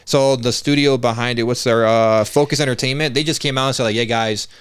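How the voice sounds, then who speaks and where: A man's voice: mid-range voice, steady tone, quick pace, clean tone, no room sound, clean studio sound. A man hosting a casual gaming news podcast, laid-back and saying "like" and "bro" often. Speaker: podcast host reading news items. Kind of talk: casual chat.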